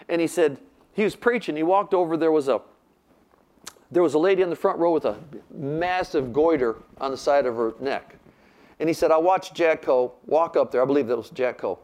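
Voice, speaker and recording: A man's voice: a little high, darkish tone. An older man preaching, telling a story animatedly and acting out the voices he quotes. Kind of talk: sermon storytelling.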